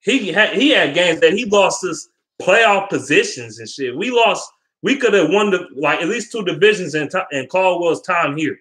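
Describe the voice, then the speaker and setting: Young guy w a higher voice ranting about his team, cussing, rambling, all worked up. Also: lively intonation, moderate pace, fairly bright tone. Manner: profane, heated, rambling. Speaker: sports fan vlogger. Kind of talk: casual sports rant.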